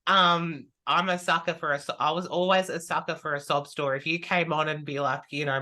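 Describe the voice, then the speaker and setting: A man speaking as a podcast guest in relaxed conversation. His voice has a bright, forward tone. He tells stories animatedly, acting out his own remarks as he goes. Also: fairly high pitch, brisk. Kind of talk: casual conversation.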